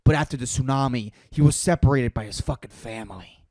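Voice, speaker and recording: A man's voice: mid-range voice, a little fast, a little mellow, no room sound, clean studio sound. A man hosting a podcast alone, ranting in a profane, exasperated and rambling way. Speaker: podcast host. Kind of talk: solo rant.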